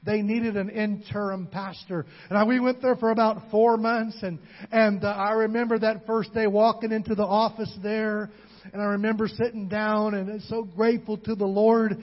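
A man's voice: sits high, little pitch movement, normal speed. A man preaching a sermon as pastor, calling out to the congregation and repeating words as he gets emotional. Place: church hall. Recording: dull recording in a reverberant hall.

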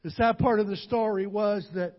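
An older man preaching a sermon as pastor, with call-and-response and rising to shouts. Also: high voice, in a large hall. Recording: dull lo-fi sound.

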